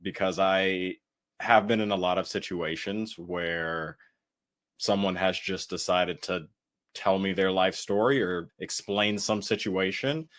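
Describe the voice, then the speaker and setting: A man's voice: deep voice, fairly even intonation, a little slow, a bit bright. A man hosting a podcast, talking casually and reflectively and asking his guest questions. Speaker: podcast host. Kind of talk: casual interview conversation.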